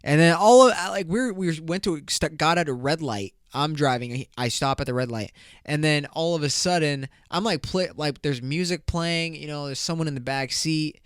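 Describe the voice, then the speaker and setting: A man hosting his own podcast, rambling through a story in loose, profane language with frequent laughter. His voice sits a bit high for a man and comes across smooth and clear. It is recorded close and dry on a podcast mic, with no room sound. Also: moderate pace, dry recording. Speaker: podcast host. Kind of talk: casual podcast monologue.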